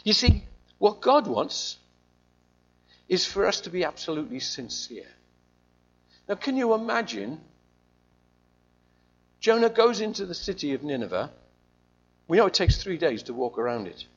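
A man preaching a sermon in an animated, conversational storytelling way, on a slightly muffled recording. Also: sits high, normal speed, pauses often.

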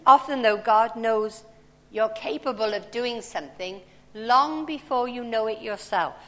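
Speaking through a handheld or stand microphone, a woman with a mid-range, slightly bright voice gives a sermon in a chatty, anecdotal storytelling manner. The large church hall lends the recording a long reverb.

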